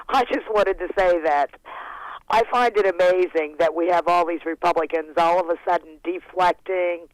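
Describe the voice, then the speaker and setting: A woman from Pennsylvania calling in to a radio show, talking in an animated, incredulous way. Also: lowish voice, unhurried, poor audio. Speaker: caller. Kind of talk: call-in radio chat.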